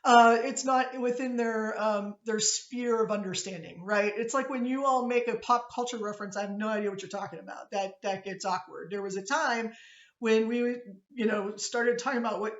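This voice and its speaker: A woman's voice: a little high, fairly even intonation, moderate pace, reverberant, muffled recording. A woman from Pittsburgh with a Pittsburgh accent, giving a chatty, digressive classroom lecture and often checking in with her students. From Pittsburgh, USA. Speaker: college instructor.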